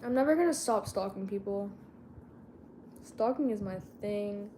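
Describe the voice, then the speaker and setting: A woman's voice: mid-range voice, measured pace, mellow, a little hiss or hum. A teenage girl vlogging in a casual chat, rambling and slangy and often losing her train of thought.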